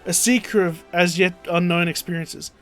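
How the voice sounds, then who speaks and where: A man's voice: sits high, steady tone, moderate pace, fairly bright tone, faint music behind. A man voicing a charming, roguish former gladiator turned explorer in a game playthrough.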